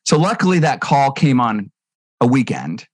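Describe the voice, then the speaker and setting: A man's voice: moderate pace, dry recording, studio quality. A middle-aged man telling a story as a podcast guest, acting out the dialogue and often repeating words as he goes. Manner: acts out dialogue with lively shifts in pitch. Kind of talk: animated storytelling.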